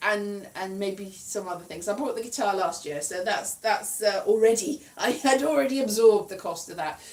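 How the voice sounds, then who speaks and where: A woman's voice: medium pitch, moderate pace, reverberant, far from the mic. A woman from Wales chatting casually on a livestream, rambling and poking fun at herself with frequent giggles. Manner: rambling, self-mocking, giggly. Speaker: comedian.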